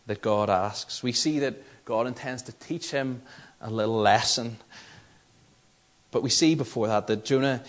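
A Northern Irish man delivers a sermon in an earnest, measured way. He presses each point home by repeating phrases, and his pitch sits in an ordinary middle range. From Northern Ireland. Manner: earnest, measured, with emphatic repetition. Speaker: preacher.

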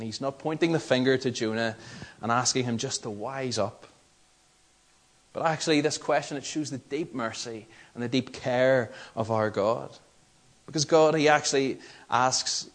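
Earnest Northern Irish preacher. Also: male voice, mid-range voice. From Northern Ireland. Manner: earnest, measured, with emphatic repetition. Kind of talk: sermon.

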